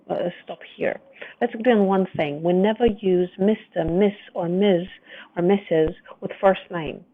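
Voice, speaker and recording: A low-voiced woman tutor reads through a student's essay, pausing to fix words and explain each change. The sound is dry and narrow, like a phone line. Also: vocal fry, no room sound. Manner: reads the text aloud, then stops to correct and explain. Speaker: English writing tutor. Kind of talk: essay correction lesson.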